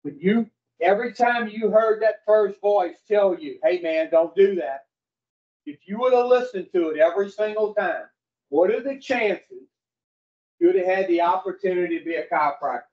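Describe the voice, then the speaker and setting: A man's voice: high voice, normal speed. A man giving a casual, folksy teaching talk to a recovery group, blunt and profane, quizzing his listeners directly. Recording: dull lo-fi recording.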